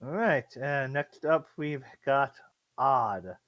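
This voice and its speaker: A man's voice: medium pitch, lively intonation, slow, a bit bright, dry recording, poor audio. A man serving as dungeon master who rambles and hesitates, with many fillers. His voice sits in an ordinary middle range. The sound is dry and close, with no room around it, over an online call. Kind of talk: casual chat.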